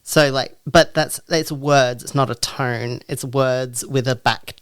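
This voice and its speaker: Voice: mid-range voice, steady tone, slow pace, fairly bright tone, clear, resonant tone, no echo. A podcast co-host in casual chat, talking frankly and directly, with sudden rising asides.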